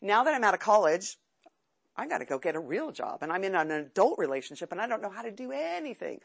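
A woman's voice: medium pitch, big pitch swings, quick pace, gravelly, breathy edge. A woman in her fifties from California giving a candid, chatty, self-mocking personal testimony at a recovery meeting. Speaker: speaker sharing at a recovery meeting.

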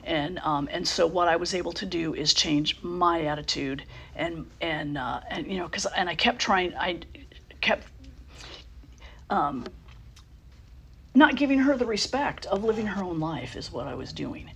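At a recovery meeting, a middle-aged woman shares her personal story, halting with many fillers and restarts. Her lowish voice has vocal fry and drops to a soft near-whisper at tender moments.

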